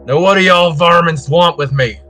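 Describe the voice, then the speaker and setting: A man voicing a burly, sweaty, hard-drinking man who talks in a gruff, blunt, folksy way. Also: a little high, moderate pace, sharp tone, soft background music, voice pushed up.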